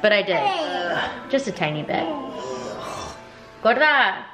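A woman's voice: medium pitch, sing-song, takes it slowly, music in the background, rough recording. A young woman vlogging at home at night, chatty and emotional, close to tears, with lots of "like"s. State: teary. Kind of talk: casual nighttime vlog chat. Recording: loud background noise.

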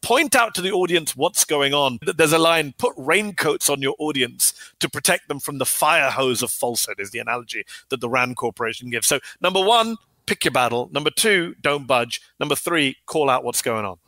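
A man speaking as an author and guest in a podcast interview, talking fast and emphatically with an argumentative drive. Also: on the high side, animated, pushed and bright, no room sound.

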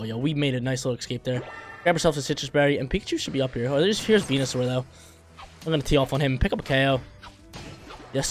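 A young man giving hyped, slangy commentary over his own gameplay as a gaming YouTuber, reacting quickly to each play. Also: mid-range voice. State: briefly coughing.

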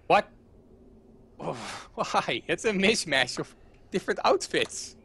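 Playful man with a lively, high-leaning voice. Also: slow, gravelly, breathy edge. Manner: teasing, playful banter. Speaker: gaming channel host. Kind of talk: casual co-op gaming chat.

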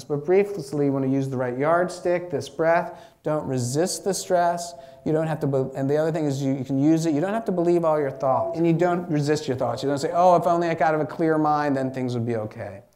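Male physician, live campus lecture, chatty, animated, talks straight to the audience. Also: a little high, fairly quick, hardly any pauses. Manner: animated, chatty, acts out inner thoughts in quotes. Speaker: doctor giving a mindfulness talk. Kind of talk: lively live lecture to students.

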